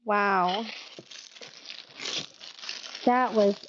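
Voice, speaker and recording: A woman's voice: medium pitch, drawn-out words, muffled recording, background noise. A woman hosting a casual live-stream sale, chatty and giggly, often laughing at herself.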